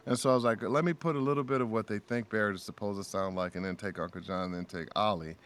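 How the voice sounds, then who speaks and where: Animated male guest telling stories. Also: on the low side, fast talker. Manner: animated storyteller who acts out friends' lines. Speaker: guest voice actor. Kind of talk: casual podcast chat.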